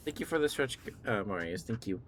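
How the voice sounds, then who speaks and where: A man streaming live, chatting in a relaxed way and thanking viewers, still groggy with a morning voice. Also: on the low side, a little hiss or hum. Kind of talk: casual live-stream chat.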